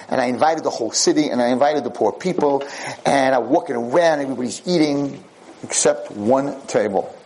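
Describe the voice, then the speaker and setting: Male lecturer, slightly higher-pitched voice, animated storyteller who acts out the characters' lines. Faint noise in the background. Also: low-quality recording. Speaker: religious lecturer.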